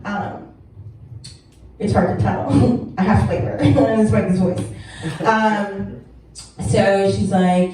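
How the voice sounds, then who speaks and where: A young woman works through a stand-up set, chatty and self-mocking, with quick laughs between jokes. Her voice is mellow and dark in tone. It rings through an echoey club room, picked up from some distance. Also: mid-range voice, flat delivery, a little hiss or hum. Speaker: stand-up comedian. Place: comedy club stage. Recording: echoey room, mic heard from far off.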